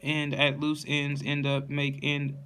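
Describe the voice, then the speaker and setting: A man reading dictionary entries aloud one by one in a steady list, stumbling and restarting on hard words. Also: on the high side, takes it slowly, a little hiss or hum.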